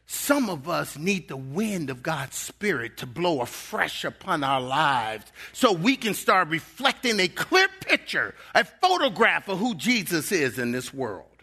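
A man's voice: on the high side, sharp tone, breathy edge. A middle-aged male pastor preaching a sermon in a church, emphatic and drawing out key words.

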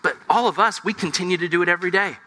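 A man in his thirties preaching a conversational sermon, acting out little scenes in lively voices. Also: sits high, rapid-fire. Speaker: pastor.

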